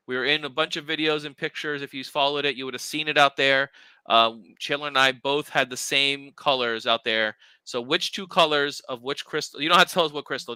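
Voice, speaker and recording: A young man co-hosting a casual livestream, talking excitedly and rambling with lots of fillers and restarts. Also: mid-range voice, clear, resonant tone, dry recording, low-quality recording. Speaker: livestream co-host, crystal maker.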